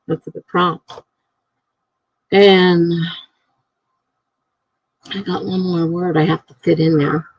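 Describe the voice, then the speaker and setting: Gravelly rambling woman streamer. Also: fairly low pitch. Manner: rambling, thinks out loud. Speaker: writer live-streaming. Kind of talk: casual live-stream chat. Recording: dry, slightly dull lo-fi mic.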